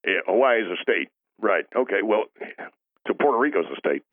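A man voicing a slow, confused middle-aged sidekick who talks in a hesitant, halting way. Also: lowish voice, expressive, no room sound, natural voice. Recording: tinny phone-like line.

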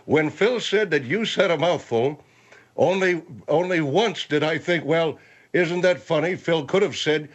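A man's voice: on the high side, measured pace. Guy doing a stuffy long-winded old general, a bit muffled. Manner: stiff, formal, over-explaining. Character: pompous long-winded older man, the General.

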